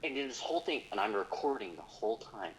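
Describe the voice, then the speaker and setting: A man talks casually as a guest on a podcast, recounting an investigation. His voice sits on the low side, and his story wanders with plenty of "like" and restarts. Faint noise hangs behind him. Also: big pitch swings, fast, low-quality recording. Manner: rambling with frequent fillers.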